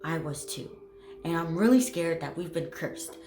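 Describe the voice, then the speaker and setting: A woman's voice: low voice, moderate pace, warm tone, natural voice. A woman voicing a frightened young man who urgently warns his friends of a curse. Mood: scared. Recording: echoey room, faint music.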